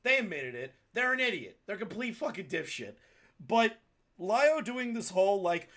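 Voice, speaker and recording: A man's voice: high voice, sing-song, moderate pace, a bit bright. A man giving sarcastic, swearing commentary on a played call recording, often laughing. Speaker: commentary youtuber.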